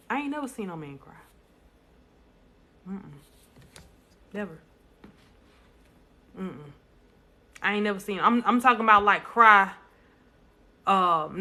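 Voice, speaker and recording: A woman's voice: mid-range voice, pushed and bright. A woman speaking bluntly and emphatically to viewers in a casual live stream, repeating lines for stress. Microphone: phone.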